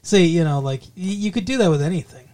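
A man's voice: high voice, lively intonation, quick pace, a little mellow. A male podcast co-host chatting casually about the news, rambling with many fillers and restarts, and cracking sardonic jokes.

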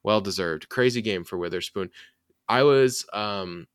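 A man hosting a sports podcast, talking casually and running the show; he is lively, trails off and laughs often. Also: fairly low pitch, unhurried, smooth, dry recording, clean studio sound. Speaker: podcast host.

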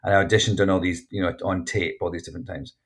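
A man's voice: deep voice, little pitch movement, rapid-fire, slightly rough. A Scottish man, an actor and author, telling stories frankly in an interview with lots of restarts. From Scotland. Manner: chatty, frank, many restarts. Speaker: actor and memoir author, guest. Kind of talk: casual interview storytelling.

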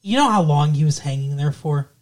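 Podcast co-host, casual movie review, profane, rambling, fillers, mid pitch. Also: animated, fairly quick.

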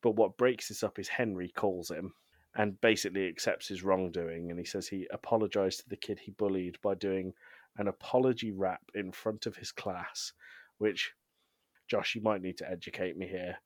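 A man co-hosting a podcast, casually recapping a TV episode with frequent ums and quick laughs. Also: sits low, fairly even intonation, no echo. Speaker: podcast co-host.

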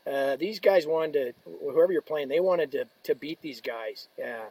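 A man telling a story on a podcast as a guest, animated, swearing often and acting out what people said. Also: fairly high pitch, normal speed, breathy edge, dry recording, low-quality recording. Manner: animated, swearing, acts out quotes. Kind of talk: casual storytelling.

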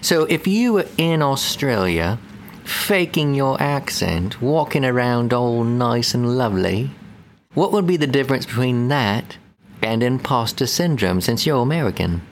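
A man's voice: mid-range voice, expressive, unhurried. A man co-hosting a podcast as a counselor, talking in a playful, rambling way with frequent laughs. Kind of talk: casual podcast chat.

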